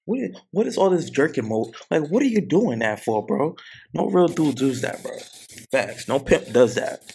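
A man's voice: a little high, sing-song, moderate pace, gravelly, darkish tone, a little hiss or hum. A man streaming a reaction to a video, talking to his viewers in blunt, incredulous slang.

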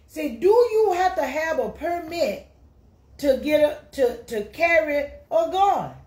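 A woman's voice: measured pace, echoey room. A performer playing a teasing older Southern woman with a Gullah Geechee accent, cackling through comedy banter. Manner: teasing, cackling, high and animated.

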